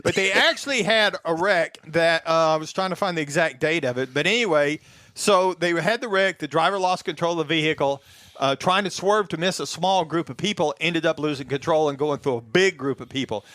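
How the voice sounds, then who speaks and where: A Texan man with a bright, forceful voice, talking through racing history in a folksy, rambling way. He sounds like a car show co-host in casual conversation. The sound is dry and close. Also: fairly high pitch, brisk, no room sound. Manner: folksy, rambling, laughs easily. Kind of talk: casual chat, explaining history.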